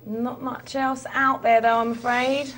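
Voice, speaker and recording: A woman with a high voice co-hosts live poker coverage in a playful, bantering way. A faint hum sits behind her. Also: level tone, a little slow, fairly bright tone. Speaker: poker co-host.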